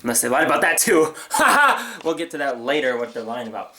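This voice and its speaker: A man's voice: medium pitch, fast, crowd noise. A young man venting sarcastically to his new camera in a comedic rant, recorded on the camera's own mic. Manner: animated, sarcastic, mimics others in silly voices. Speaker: vlogger. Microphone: built-in camera mic.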